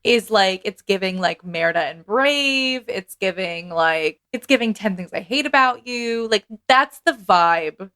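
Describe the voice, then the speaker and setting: A woman co-hosting a podcast in casual chat, wry and quick to joke. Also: medium pitch, lively intonation, a bit bright, clean tone. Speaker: podcast co-host.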